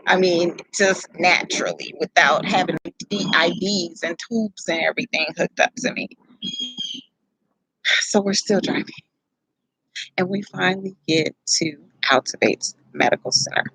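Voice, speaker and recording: A young woman from casually telling her birth story, animated and profane, rambling with self-corrections. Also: lowish voice, a little slow, slight background noise, poor audio.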